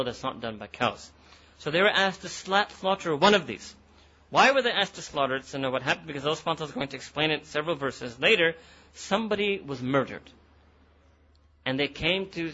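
Man, religious teacher, storytelling lesson, slightly high voice, dull lo-fi recording. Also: sharp tone. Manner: explains and retells, repeats phrases for emphasis; mixes in Arabic and Urdu words. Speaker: Islamic teacher. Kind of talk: Quran lesson talk.

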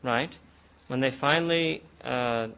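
A man's voice: medium pitch, slow pace, vocal fry, bright, forceful tone, muffled recording. A man teaching a Quran lesson, retelling a story and repeating phrases for emphasis, with Arabic and Urdu words mixed in. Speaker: Islamic teacher.

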